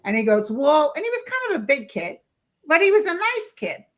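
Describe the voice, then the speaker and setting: A woman guest telling stories in casual chat, lively and acting out the voices of people she quotes. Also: extremely high pitch, fairly quick. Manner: lively storyteller who acts out quoted voices.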